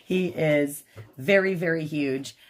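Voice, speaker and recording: A woman hosting a casual livestream from her home. She rambles with many fillers and switches to high baby talk for her dog. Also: slow pace. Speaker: livestream host. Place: at home indoors.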